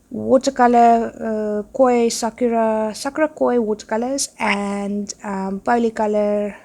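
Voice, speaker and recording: A woman's voice: fairly high pitch, a little mellow. A woman who is sick with a nasal, congested voice, chatting casually and rambling with many fillers as a podcast host while she paints.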